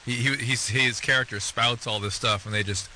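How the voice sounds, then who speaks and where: A man co-hosting talk radio, jumping in with quick remarks. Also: medium pitch, steady tone, bright, forceful tone. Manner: quick interjections. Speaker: radio co-host. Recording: light hiss.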